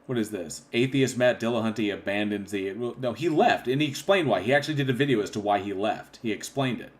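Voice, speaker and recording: A man hosting a casual livestream, reading chat comments aloud and rambling with frequent throat clearing and restarts. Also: lowish voice, fast. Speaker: channel host.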